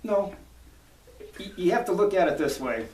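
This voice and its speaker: A man's voice: high-pitched, expressive, normal speed, a little mellow. A man talking as a cowboy poet guest in a casual interview, folksy and storytelling. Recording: echoey room, distant mic, faint noise.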